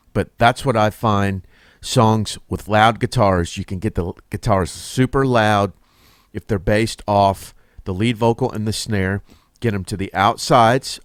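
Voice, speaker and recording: A man, a mixing engineer, explaining his process in a relaxed, casual tutorial, correcting himself as he works. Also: lowish voice, dry recording, studio quality. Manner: relaxed, explains while working, with fillers and self-corrections.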